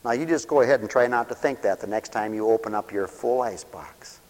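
A man in his fifties preaching a sermon at a church service. He talks plainly and folksy, and swings from loud shouted peaks down to hushed near-whispers. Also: on the low side, brisk, long reverb tail. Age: 50s. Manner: folksy, plain-spoken delivery.

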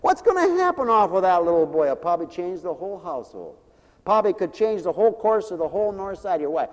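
A man preaching a sermon in a church, swinging from loud to hushed. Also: high voice, very animated, fast, long reverb tail. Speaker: pastor.

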